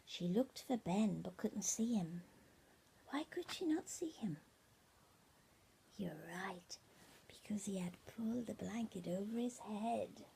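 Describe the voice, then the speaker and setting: A grandmother gently reads a bedtime story from a tablet to her grandchildren at home, slipping into whispers and pausing to put questions to them. Her medium-pitched voice is animated, slow and creaky, with long pauses. An iPad mini picks it up along with a bit of hiss or hum.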